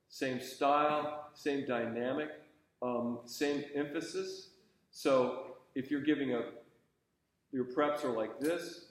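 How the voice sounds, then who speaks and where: Guy giving conducting pointers, patient and encouraging, lots of ums, big echoey rehearsal room. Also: mid-range voice. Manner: patient, encouraging, thinks aloud with fillers and restarts. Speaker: conducting teacher. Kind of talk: coaching a student in a class.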